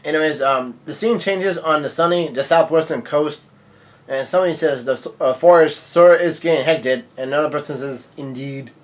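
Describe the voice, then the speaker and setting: Man, slightly high voice, casual comic reading, flat quoted lines, stumbles and restarts. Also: brisk. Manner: reads dialogue aloud flatly, stumbles and self-corrects, swears in surprise. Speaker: manga reaction reader.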